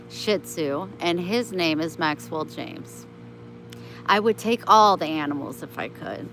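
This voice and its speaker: A woman's voice: mid-range voice, pushed and bright, a little hiss or hum, low-quality recording. A woman chatting on a casual live stream, talking kindly and motherly to her viewers and her pets.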